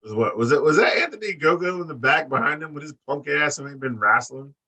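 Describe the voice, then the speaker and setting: A man's voice: a little high, quick pace, husky, low-quality recording. A man co-hosting a casual podcast, ranting bluntly and crudely. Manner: blunt, crude, animated rants. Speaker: podcast co-host. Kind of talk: casual profane chat.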